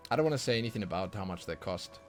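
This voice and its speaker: A man streaming a game and chatting casually with his viewers, his talk rambling and full of stumbles and repeated words. He lurches into sudden excited bursts, while faint music plays underneath. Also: fairly low pitch, rapid-fire. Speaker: livestreaming gamer. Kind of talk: casual livestream chat.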